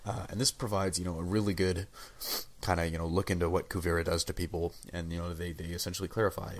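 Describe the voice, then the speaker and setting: A man's voice: low-pitched, level tone, fast talker. A young man with a sick, under-the-weather voice, casually reviewing a TV episode with lots of fillers and restarts. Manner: rambling, many fillers and restarts. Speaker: TV show reviewer.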